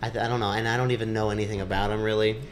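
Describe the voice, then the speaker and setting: A man's voice: on the low side, flat delivery, rapid-fire. Rambling man over faint noise. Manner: loose, rambling, laughs easily. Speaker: podcast co-host. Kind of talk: casual chat.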